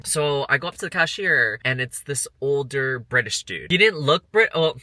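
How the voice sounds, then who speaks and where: A young man vlogging, telling stories in a chatty, animated way and swearing freely. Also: mid-range voice, normal speed. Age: young adult. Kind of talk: casual vlog storytelling.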